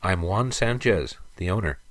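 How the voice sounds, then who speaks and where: Young male business owner, read by a man, polite, formal and deep-voiced. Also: lively intonation, moderate pace, a bit bright, no echo. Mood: courteous.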